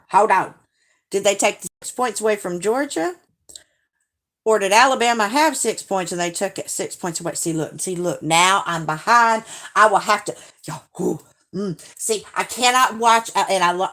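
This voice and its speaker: A woman's voice: medium pitch, fairly bright tone. A woman chatting casually on a live stream, reading viewer comments aloud and laughing often.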